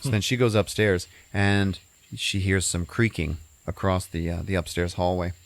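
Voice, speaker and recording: A man with a very low voice recaps a film in a loose, rambling way. He fills the story with "uh" and "you know" as he goes. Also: steady tone, normal speed. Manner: rambling, full of fillers. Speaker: podcast host. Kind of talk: casual movie recap.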